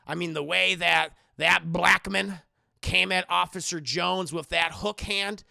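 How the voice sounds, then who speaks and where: Casting: a man playing a smug, coaxing crooked cop, bright, gravelly voice. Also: high voice, steady tone, unhurried, no echo, studio quality, heavily acted.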